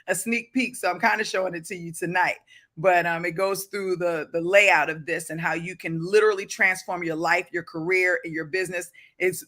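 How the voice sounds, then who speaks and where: High bright-voiced baltimore guy hosting a hype livestream, reads out chat comments, gets shouty. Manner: fervent, bursts into shouting, reads viewer comments aloud. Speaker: livestream host. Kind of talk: motivational livestream talk.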